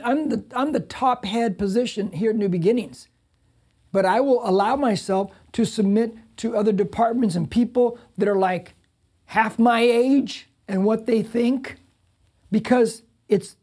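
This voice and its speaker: Brief: middle-aged male pastor, sermon delivery, warm dark tone with a slightly husky edge, speaks straight to the congregation. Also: very high-pitched. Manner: conversational, addresses the congregation directly.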